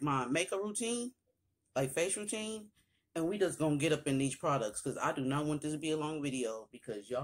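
A young beauty vlogger films a laid-back makeup haul, speaking directly to her viewers with loose slang and cursing. Every so often she bursts into sudden high-pitched exclamations.

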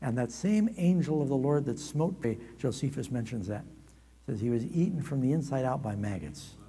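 A man preaching a storytelling sermon at a camp meeting, animated and humorous with quick asides, in a large hall. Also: mid-range voice, slight background noise. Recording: long reverb of a large hall.

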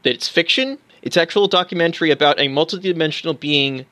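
A man's voice: on the high side, fairly quick, pushed and bright, no room sound. A man co-hosting a casual podcast about tabletop games, talking enthusiastically with fillers and restarts. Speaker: podcast co-host.

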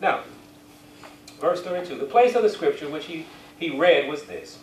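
A man's voice: a little high, normal speed. A man preaching a sermon, reading scripture aloud and drawing amens from his congregation. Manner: call-and-response, asks the congregation for amens; reads scripture aloud in King James wording. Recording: echoey church hall, distant mic, faint hiss.

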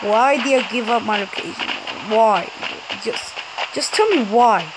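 A woman gamer giving excitable let's play commentary, swearing, yelping and muttering at the game. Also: fairly high pitch, unhurried, heavy background noise.

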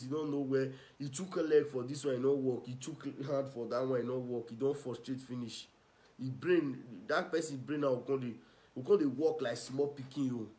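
Speaking in Nigerian Pidgin at a medium pitch, this online commentator rants and mocks his way through gossip. His scolding tone rises loud, then drops soft again.

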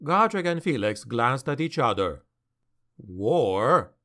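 A man narrating a fantasy audiobook in a measured, steady storytelling manner. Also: fairly high pitch.

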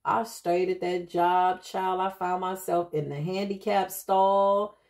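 Low-voiced chatty woman spiritual reader. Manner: chatty, animated storytelling, calls listeners "child" and "honey"; quick asides and restarts, laughs at herself. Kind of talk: casual spiritual reading monologue.

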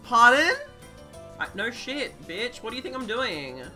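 Chaotic young woman streamer, lively pitch. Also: measured pace, faint music behind. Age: 20s. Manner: chaotic, swings from low mutters to shrieking apologies. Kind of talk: live gameplay commentary.

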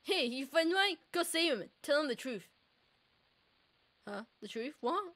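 A woman's voice: high voice, animated, a little slow, fairly bright tone. A young woman playing a game on video, chatting, reacting and reading the characters' lines aloud. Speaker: let's play gamer. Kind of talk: casual gameplay commentary reading dialogue aloud.

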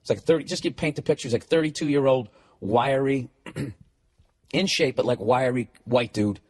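Husky, profane ranting comedian. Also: male voice, medium pitch, moderate pace, darkish tone. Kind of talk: comedic storytelling rant.

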